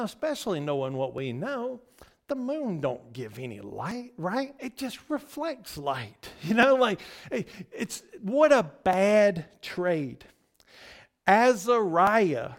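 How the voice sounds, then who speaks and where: A man preaching in a casual, conversational way, with a high voice that swings widely up and down. He takes his time, keeps asking his listeners "okay?" and laughs often. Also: gravelly. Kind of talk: casual sermon to a congregation.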